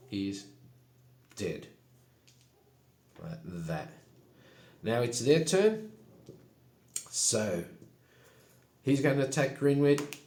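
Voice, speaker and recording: Slow, low-voiced man narrating a tabletop game. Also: darkish tone, a little hiss or hum. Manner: unhurried, matter-of-fact play-by-play. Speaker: solo game player and narrator. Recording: echoey room.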